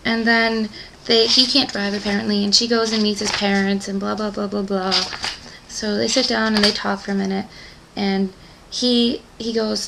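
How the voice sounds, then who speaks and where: A woman's voice: mid-range voice, level tone, normal speed, vocal fry, a bit bright, slight background noise, poor audio. A young woman rambling through a casual book recap, chatty and gushing, full of "like" and "um.". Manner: gushing fan enthusiasm. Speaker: book club vlogger.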